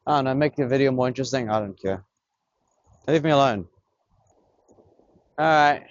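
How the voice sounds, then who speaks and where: A young man, excitedly filming himself fishing on a beach, swearing and talking in slang. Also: medium pitch, moderate pace, dry recording, highs cut off. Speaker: vlogger. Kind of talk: casual fishing vlog commentary. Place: outdoors on a beach by the water. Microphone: camera on a tripod.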